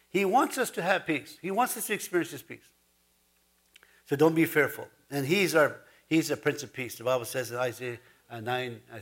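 A man's voice: on the high side, fairly bright tone. A man preaching a sermon in a folksy, chuckling way, rising to emphatic points. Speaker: pastor.

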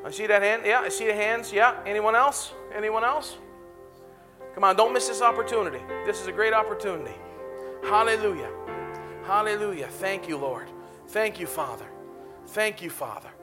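A man's voice: high voice, normal speed, over music. A man preaching as pastor in a church auditorium, laughing often and calling out to the congregation. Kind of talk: sermon and altar call.

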